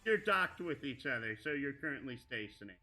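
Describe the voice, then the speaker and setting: A man's voice: mid-range voice, expressive, brisk, bright, forceful tone, faint music behind. A man running a tabletop game as game master, narrating in a rambling way with many restarts. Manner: rambling, full of restarts and fillers like "like".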